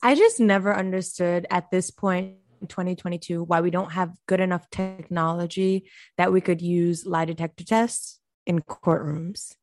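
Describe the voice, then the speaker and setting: A woman's voice: fairly low pitch, fairly even intonation, normal speed, darkish tone, no room sound. A woman co-hosting a casual chat, telling things in a wry, matter-of-fact way.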